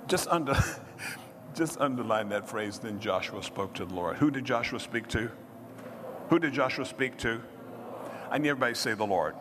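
A man preaching a sermon, leading call-and-response with the congregation and rising to shouts. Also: on the low side, noisy background. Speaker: pastor. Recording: reverberant hall with music behind.

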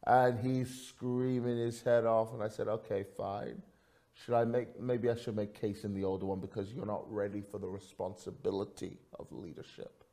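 A man preaching a sermon, swinging from quiet storytelling to loud, fervent peaks. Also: normal speed, gravelly. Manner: preaching with big swings in pitch and loudness, rising to fervent peaks. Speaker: pastor.

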